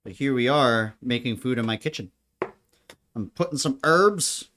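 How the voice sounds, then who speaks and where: A man talking loosely while he cooks at home, drifting between thoughts with jokes and frequent laughter. His voice sits at a middle pitch, and his delivery is casual and unscripted. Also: lively intonation, a little slow, pauses often, a bit bright. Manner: rambling, joking, laughs often. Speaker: home cook. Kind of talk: casual chat while cooking. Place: home kitchen.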